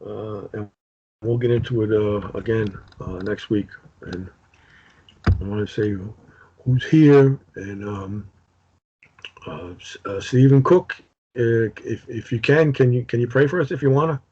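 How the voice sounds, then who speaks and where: A man's voice: on the low side, measured pace, mellow, husky, no room sound. A man with a New York accent leading a casual Bible study over a video call, chatty and joking, with lots of fillers. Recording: dull video-call audio.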